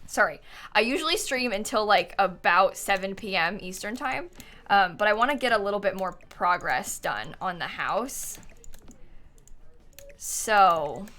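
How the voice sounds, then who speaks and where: Bright-voiced woman streamer thinking aloud. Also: mid-range voice. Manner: chatty, thinking aloud, frequent ums and laughs. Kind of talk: casual live-stream chat while building in a game.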